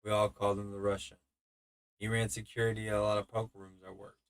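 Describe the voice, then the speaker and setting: A man's voice: lowish voice, completely flat delivery, fast, smooth, dry recording. A man in his thirties hosting a podcast alone, telling stories in a rambling, profane way with many stammers and restarts. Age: 30s. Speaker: podcast host. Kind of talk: casual storytelling.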